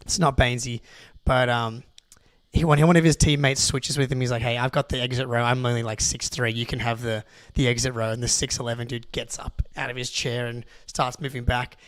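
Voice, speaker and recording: Excitable young Australian man telling a story. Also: medium pitch, a little fast, no room sound. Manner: excitable, rambling with many restarts. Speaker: podcast co-host. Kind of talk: casual storytelling.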